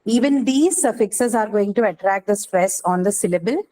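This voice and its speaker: A woman's voice: medium pitch, moderate pace, mellow, rough recording. Woman teacher explaining step by step. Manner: explains step by step, often checks in with students. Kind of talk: classroom lecture.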